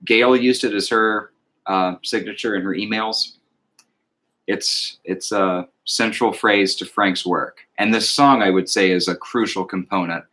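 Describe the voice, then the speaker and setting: A man in casual conversation about music, reflective and thoughtful, sometimes slowing to recite lyrics in a measured cadence. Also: on the low side, steady tone, pushed and bright. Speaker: podcast co-host.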